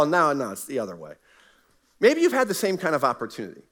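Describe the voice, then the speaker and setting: A middle-aged male pastor preaching in a church, slipping into a personal story with an earnest, conversational manner. His voice sits a little higher than most men's. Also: big pitch swings, fast talker, sharp tone. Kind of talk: sermon. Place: church sanctuary.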